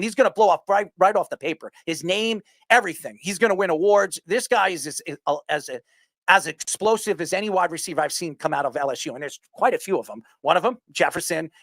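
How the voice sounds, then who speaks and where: A man's voice: fairly high pitch, gravelly, a bit bright, dry recording, studio quality. A man from New York hosting a sports talk show, rambling with blunt opinions and repeated words.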